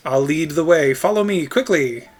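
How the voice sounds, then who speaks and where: A man's voice: fairly high pitch, animated, normal speed, slightly rough, soft background music. A man voicing a pushy young fish-princess who claims the hero as her fiancé, in an overblown mock French accent. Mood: bossy. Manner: dramatic, pleading, overblown.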